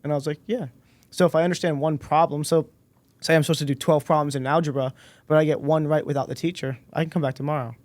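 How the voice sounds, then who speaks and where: A man's voice: on the high side, fast, no room sound. Guy in his 20s telling a story on a podcast, plays out the back and forth, dead dry sound. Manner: relaxed storyteller, acts out quoted dialogue. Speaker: podcast guest. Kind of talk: casual storytelling interview.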